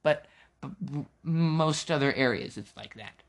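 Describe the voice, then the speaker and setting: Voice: medium pitch, measured pace. A podcast host with an American accent ranting casually and alone, joking and wandering off on tangents. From United States. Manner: rambling, jokey, sidetracks and interrupts itself. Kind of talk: casual opinion rant.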